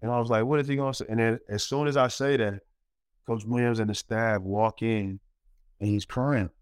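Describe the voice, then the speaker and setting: A man's voice: on the low side, moderate pace, smooth, no echo. A man in his forties, a former college basketball player, telling stories in a casual interview with lots of fillers and acted-out quotes. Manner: animated storyteller, many fillers, acts out quotes.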